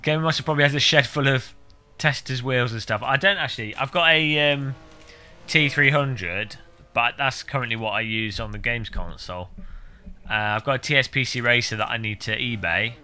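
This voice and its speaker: British man, game streamer, casual rambling chat, deadpan jokes, very bright sharp voice. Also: mid-range voice, normal speed. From United Kingdom. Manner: rambling, deadpan absurd joking.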